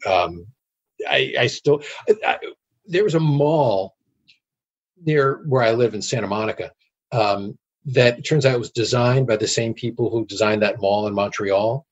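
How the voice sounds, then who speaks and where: A middle-aged man, guest on an interview show, telling anecdotes in a casual, animated way. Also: mid-range voice, measured pace, slightly rough, highs cut off. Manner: animated anecdotes with acted quotes.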